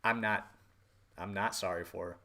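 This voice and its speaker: A man's voice: low voice, steady tone, normal speed, bright, forceful tone. A man hosting a podcast, delivering an angry, profane political rant with emphatic repetition. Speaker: podcast host.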